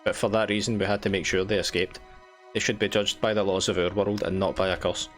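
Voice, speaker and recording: A man's voice: on the low side, level tone, fast, fairly bright tone, soft background music, close to an everyday voice. A man reading as a weary freed prisoner. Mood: earnest. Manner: earnest, tired reading. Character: exhausted freed prisoner, tormented and hopeful.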